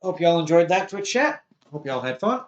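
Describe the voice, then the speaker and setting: A man's voice: fairly high pitch, sing-song, moderate pace, lo-fi sound. A man chatting on a game stream, dry and teasing, stumbling through a sign-off. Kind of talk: casual game stream chat. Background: music.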